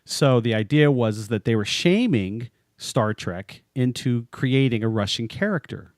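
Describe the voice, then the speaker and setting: A man co-hosting a podcast, talking in a relaxed, chatty way and often breaking into laughter between phrases. His voice sits at an ordinary middle pitch. The sound is close and dry, with no room echo. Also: measured pace. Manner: chatty and joking, laughs often mid-sentence. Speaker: podcast co-host. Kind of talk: casual podcast chat.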